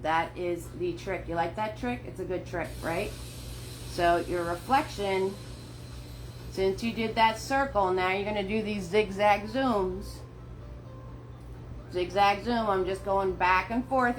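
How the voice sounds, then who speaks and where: A woman's voice: medium pitch, a little slow. A woman leading a live online painting class from her home, chatty and encouraging, laughing often and greeting viewers by name. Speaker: paint party instructor. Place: her home studio, indoors. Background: faint background music.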